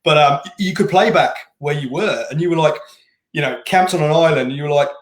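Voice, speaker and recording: A man's voice: fairly high pitch, brisk. Rambling male race director, roomy echo. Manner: rambling conversational storyteller. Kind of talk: casual interview chat. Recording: roomy echoing room.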